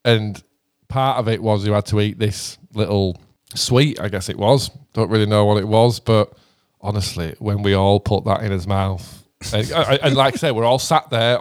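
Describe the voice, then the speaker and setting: A young British man in casual chat, animated and rambling, swearing and laughing often. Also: fairly low pitch. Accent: British English. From Britain.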